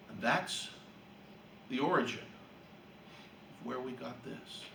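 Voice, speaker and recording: A man teaching a Bible class who tells stories with lively energy and often clears his throat. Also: medium pitch, slow, pauses often, a little hiss or hum. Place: room for a church class. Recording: echoey room, distant mic.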